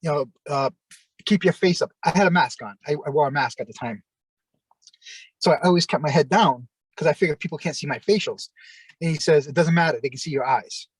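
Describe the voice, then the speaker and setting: Man, middle-aged, former wrestler, anecdotal rambling, mimics quoted people, fairly high voice, video call. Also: brisk, breathy edge, dry recording, poor audio. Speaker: interview guest, former pro wrestler. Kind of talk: casual anecdotal storytelling.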